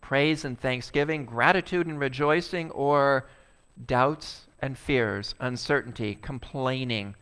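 A male pastor preaching a sermon, animated and acting out a complaining crowd. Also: medium pitch, takes it slowly, clear, resonant tone.

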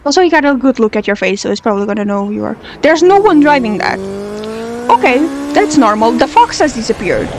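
High-voiced young woman reacting excitedly. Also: fast talker, background noise. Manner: excitable and swears freely, talks back at the screen. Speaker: reaction video host. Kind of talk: casual reaction commentary.

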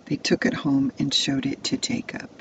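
A woman's voice: very deep voice, little pitch movement, moderate pace, slight background noise, low-quality recording. A woman telling a Bible story to children, placing the listener inside the tale as "you". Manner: second-person immersive storytelling.

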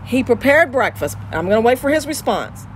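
A woman with an East Texas drawl, chatting on Christian radio with exuberant, preachy energy and a slightly high voice. She keeps repeating her phrases for effect. A faint hum of ambience and vehicle noise sits behind her. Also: very animated, brisk. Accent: Southern US, East Texas. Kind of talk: lively radio chat.

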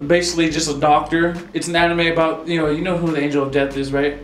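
Young dude rambling on a podcast, kinda high voice, lots of likes and ums. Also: male voice, little pitch movement, fast. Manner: rambling, laughs often, many fillers. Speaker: podcast co-host. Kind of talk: casual chat. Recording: echoey room with faint music.

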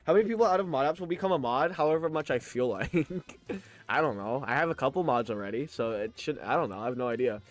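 A man's voice: mid-range voice, animated, quick pace. Young man talking through a lisp. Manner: chatty and joking, laughs often, stammers on restarts. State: slurred lisp, mouth held open by new braces, full of saliva. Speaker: live streamer. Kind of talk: casual live-stream chat, reading chat aloud.

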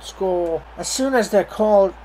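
A young man hosting a let's play, commenting in an excitable, joking, profane way. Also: high voice, a little slow. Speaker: gaming channel host.

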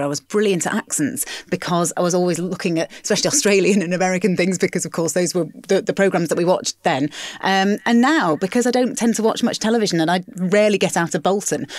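Chatty woman interviewer, lowish voice. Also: fast talker, no room sound. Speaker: podcast host and voice actor. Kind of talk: conversational interview.

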